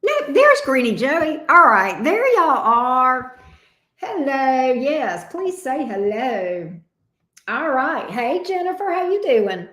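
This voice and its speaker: A woman's voice: high-pitched, very animated, takes it slowly, fairly bright tone. A woman with a Southern accent hosting a tarot live stream, chatting casually and greeting viewers by name. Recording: echoey room.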